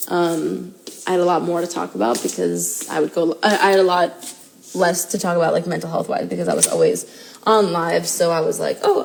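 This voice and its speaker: A woman's voice: fairly low pitch, vocal fry, darkish tone, slight background noise, low-quality recording. A young woman in her twenties talking candidly and emotionally to fans in a casual livestream, with many fillers. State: out of breath.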